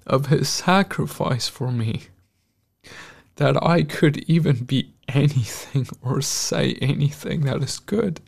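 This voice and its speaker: Slow, gravelly-voiced man preaching earnestly. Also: medium pitch. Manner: earnest, emotional, pausing often. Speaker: host. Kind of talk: devotional sermon-style talk.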